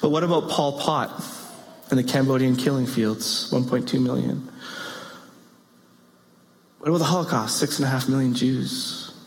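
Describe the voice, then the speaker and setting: A man preaching a sermon in an animated way, with playful asides and rising exclamations. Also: mid-range voice, moderate pace, pauses often. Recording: long hall reverb.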